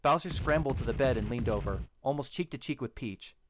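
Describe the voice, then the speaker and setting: A man narrating a story in a steady, even storytelling manner. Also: mid-range voice, a little fast, slight background noise. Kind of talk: audiobook narration of a fan story.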